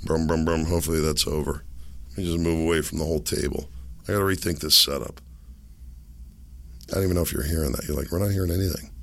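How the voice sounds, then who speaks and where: A middle-aged man hosting a casual solo podcast from a home setup, rambling and laughing at his own jokes, his voice hoarse from being sick. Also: a bass voice, fairly even intonation, fast, long pauses, fairly bright tone. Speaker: podcast host. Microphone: desk microphone.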